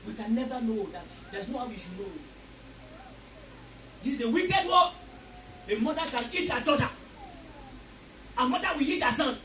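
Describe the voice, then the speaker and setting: A high-voiced woman preaching a sermon, shouting decrees and telling stories with laughter. She sounds distant in an echoey hall, with a steady hiss of noise underneath. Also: normal speed, long pauses.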